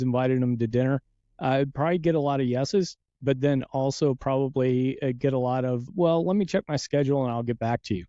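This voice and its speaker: Older man hosting, dark and earnest. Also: medium pitch, no room sound, muffled recording. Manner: earnest and grateful, easygoing. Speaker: podcast host. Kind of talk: casual podcast interview.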